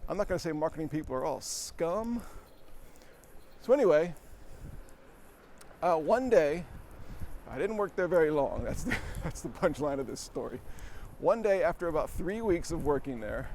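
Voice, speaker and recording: A vlogger with a slightly high, expressive, darkish-toned voice talks at normal speed while riding a bike on a city street. Out of breath, he tells a rambling, self-deprecating story and chuckles, with faint traffic humming in the background.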